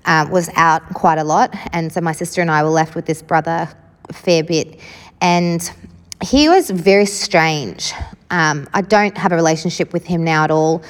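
A woman's voice: fairly low pitch, normal speed, in a large hall. A woman telling her own life story in a frank, casual way, swearing freely and often saying "like". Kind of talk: candid personal storytelling.

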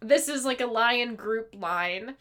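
A woman's voice: on the high side, slow pace, pushed and bright. A woman co-hosting a casual podcast chat about a movie, giggly and chatty, swearing now and then. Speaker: podcast co-host.

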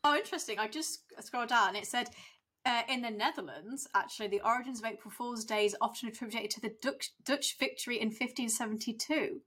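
A young woman chats on a casual podcast, animated and lively as she acts out what other people said. Her voice sits a bit high and rings bright. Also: a little fast. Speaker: podcast co-host. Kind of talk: casual chat.

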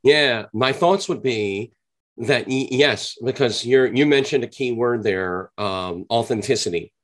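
A man's voice: mid-range voice, a bit bright. A man speaking as a podcast guest and sales trainer, explaining his views in an earnest, conversational way and drawing out the words he wants to stress. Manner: earnest, explanatory, drawn-out emphasis on key points. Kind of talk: conversational interview answer.

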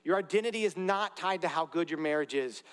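A man's voice: a little high, brisk, clean tone. A man preaching a sermon as pastor, earnest and direct, with conversational asides to the congregation in a church. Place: church sanctuary. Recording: long reverb of a large hall.

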